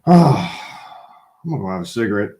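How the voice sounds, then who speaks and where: A man's voice: lowish voice, big pitch swings, fairly quick, noisy background. A man hosting a livestream, chatting casually to viewers in a rambling, profane way and laughing often. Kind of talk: casual rant to a live chat.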